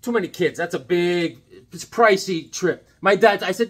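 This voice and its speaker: Man, casual comic book chat, husky, lively swooping pitch, slightly high. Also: normal speed. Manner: animated, playful, jumps into silly character voices.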